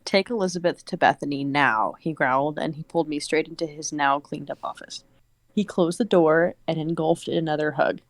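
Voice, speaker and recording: A woman's voice: low-pitched, steady tone, fairly quick, darkish tone, dry recording. A young woman co-hosting a show, casually reading a story aloud in a plain voice and breaking off to laugh.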